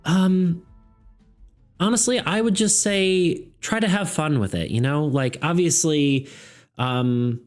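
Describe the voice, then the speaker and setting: A man's voice: fairly high pitch, slow pace, soft background music, voice pushed up. A man doing a motherly woman cleric. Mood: gentle. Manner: soothing, hesitant, calls people sweetheart.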